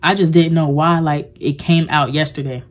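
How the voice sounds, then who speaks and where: A woman's voice: low voice, fairly even intonation, normal speed. A young woman talking to her viewers in a casual, confessional vlog, rambling and heartfelt, with many filler words. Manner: rambling and heartfelt, heavy use of "like". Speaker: vlogger.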